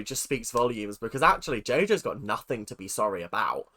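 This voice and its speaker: Animated ranting woman reacting to TV. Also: a bass voice, brisk. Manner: animated and ranting, laughing often. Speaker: reaction video host. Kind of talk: casual reaction commentary.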